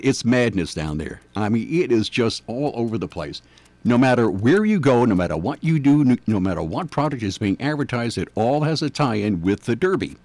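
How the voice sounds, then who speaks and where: A man's voice: mid-range voice, no room sound. An older man from New York with a New York accent, hosting a morning radio show in a rambling, chatty, self-deprecating way. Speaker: radio host. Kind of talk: casual morning radio chat.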